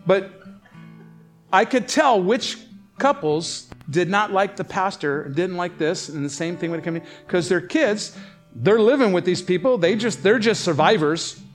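A man preaching a sermon, telling family stories in an animated way and pitching his voice up high when he quotes other people. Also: measured pace, soft background music. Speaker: pastor.

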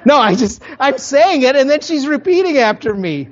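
Minnesotan pastor telling a story. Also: male voice, very high voice, big pitch swings, normal speed, few pauses, dull audio. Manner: conversational, with self-interrupting asides. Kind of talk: storytelling sermon.

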